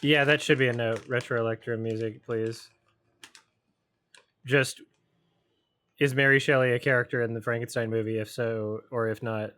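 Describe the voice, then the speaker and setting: A man's voice: mid-range voice, flat delivery, normal speed, long pauses, a bit bright. A man casually commenting while watching a film, mumbling asides and puzzled questions between snacks. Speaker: film reviewer hosting a watch-along.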